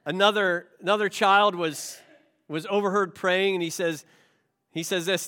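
High-voiced man preaching conversationally. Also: steady tone, moderate pace, sharp tone, smooth. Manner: conversational preaching with anecdotes and rhetorical questions. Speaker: pastor. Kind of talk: sermon. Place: church.

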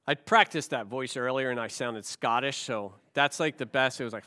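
His sermon swings from hushed, drawn-out phrases to forceful, loud declarations, with rhetorical questions throughout. The speaker is a male pastor whose voice is medium in pitch.

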